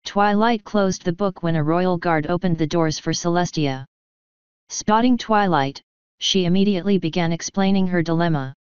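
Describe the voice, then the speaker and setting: A woman narrating a fanfiction story in a steady, even reading. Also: lowish voice, moderate pace, clear, resonant tone, no room sound. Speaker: fanfiction reader. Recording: dull lo-fi dry recording.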